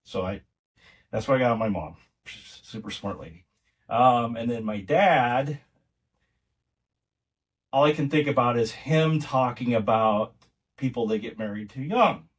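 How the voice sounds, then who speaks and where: A middle-aged man appearing as a podcast guest shares family stories casually, rambling and restarting often. His mid-range voice is unhurried with frequent pauses, picked up by a distant mic.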